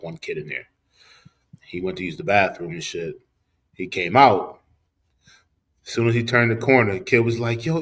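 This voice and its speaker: Lowish-voiced man in blunt, profane banter. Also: fairly bright tone, breathy edge. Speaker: podcast co-host. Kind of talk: casual chat, storytelling. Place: podcast studio.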